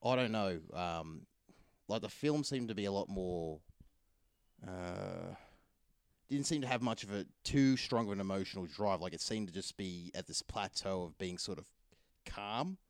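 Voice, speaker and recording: Low-voiced rambling man. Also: a little slow, smooth, dry recording, studio quality. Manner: rambling, hesitant, many fillers and restarts. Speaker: film reviewer. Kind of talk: casual film review chat.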